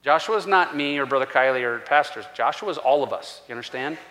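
A man pastor preaching a sermon in a church, animated and acting out scripture voices. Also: medium pitch, brisk. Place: church sanctuary. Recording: long church-hall reverb.

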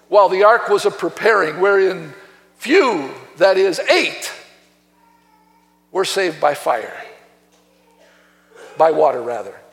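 Emphatic high-voiced preacher in a church. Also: male voice, long reverb tail. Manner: emphatic preaching, quoting scripture. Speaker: pastor. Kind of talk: sermon. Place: church sanctuary.

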